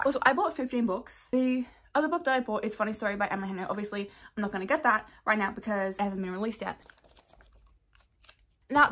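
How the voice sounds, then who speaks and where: Fast-talking young Australian woman vlogger. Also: a little high, fairly bright tone. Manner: rambling, lots of "like", quick asides. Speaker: book vlogger. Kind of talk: casual chatty book haul vlog. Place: her room, indoors.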